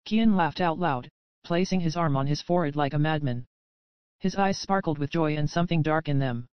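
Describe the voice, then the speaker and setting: A woman narrating a dark romance audiobook in the first person with a steady, even reading. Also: sits low, fairly quick, clear, resonant tone, no echo, muffled recording.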